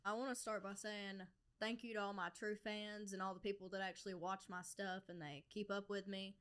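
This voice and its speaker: A woman's voice: medium pitch, flat delivery, fairly quick, fairly bright tone, clear, resonant tone. A woman being interviewed, talking in an emotional, nervous way. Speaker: interview guest. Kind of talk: interview conversation.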